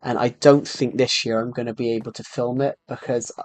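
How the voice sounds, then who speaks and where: A man's voice: medium pitch, level tone, a little fast. A young man with a sore throat, chatting in a rambling way while live-streaming a video game. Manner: rambling, chatty, with frequent restarts and fillers. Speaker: gaming streamer. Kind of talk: casual live-stream chat while playing.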